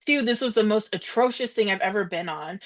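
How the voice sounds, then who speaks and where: A young woman co-hosting a podcast, telling a story in casual chat, animated and quoting others in quick asides. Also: mid-range voice. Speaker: podcast co-host.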